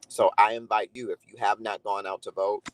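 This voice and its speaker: Earnest low-voiced man on a live stream. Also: flat delivery, a little fast, slight background noise, low-quality recording. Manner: earnest, reflective, addresses viewers by name. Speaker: livestream host. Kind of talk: casual live chat to viewers.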